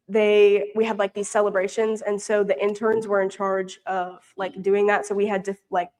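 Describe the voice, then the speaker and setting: A woman's voice: medium pitch, darkish tone. Young woman, from Louisiana, chatty, rambling, casual storytelling, church meeting. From Louisiana, US South. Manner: chatty and rambling, many fillers and restarts. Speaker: mission intern giving a report. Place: church prayer meeting, showing pictures.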